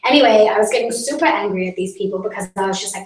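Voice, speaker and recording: A woman's voice: medium pitch, very fast. A young woman hosting a comedic live stream as a self-important celebrity, boastful and chatty with lots of "like" and mock outrage. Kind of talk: improvised character comedy monologue. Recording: roomy sound from a distance.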